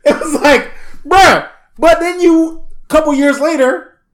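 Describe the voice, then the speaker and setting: A man co-hosting a podcast, telling stories in a slangy, animated way and laughing often during casual comedic chat. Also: very high voice, normal speed. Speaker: podcast co-host.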